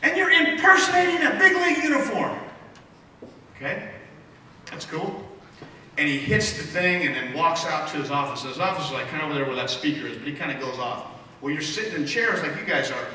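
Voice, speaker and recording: A man in his forties telling rambling, animated stories as an after-dinner speaker and taking questions from the audience in a large banquet hall. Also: on the high side, a little fast, slight background noise. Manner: rambling, animated, with lots of restarts. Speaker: after-dinner speaker, former baseball player. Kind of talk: storytelling speech with audience questions. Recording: echoey hall from far off.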